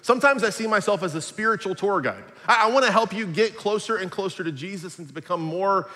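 High bright pastor in his 40s, joking around in a sermon, big hall echo. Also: expressive, fast. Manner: upbeat, jokey and conversational.

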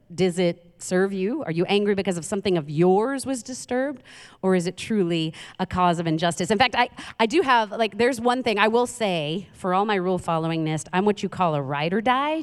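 Smooth-voiced New woman preaching. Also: mid-range voice. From Queens, New York. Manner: chatty, self-mocking, humorous asides. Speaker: guest preacher. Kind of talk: conversational sermon. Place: church sanctuary. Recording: reverberant church hall.

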